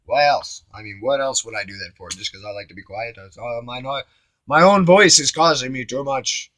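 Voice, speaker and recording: A man rambling through a spiritual self-reflection, musing aloud, with his voice shifting between loud and hushed. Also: medium pitch, normal speed, no echo. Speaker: vlogger. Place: home on Maui.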